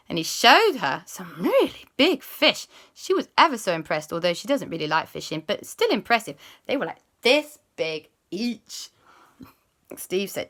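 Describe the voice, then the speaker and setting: Lively, bright woman telling a children's story. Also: mid-range voice. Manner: playful, chatty, with drawn-out hums. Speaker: storyteller host.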